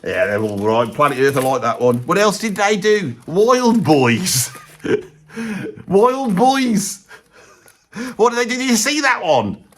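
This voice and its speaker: A man playing a rambling, opinionated middle-aged bloke with a Birmingham accent, who swears mildly all the time and drops into hushed asides. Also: on the high side, sing-song, moderate pace. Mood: rambling gossip. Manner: rambling, says "bloody" constantly, drops into hushed conspiratorial asides. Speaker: comic presenter. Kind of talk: comedic character monologue.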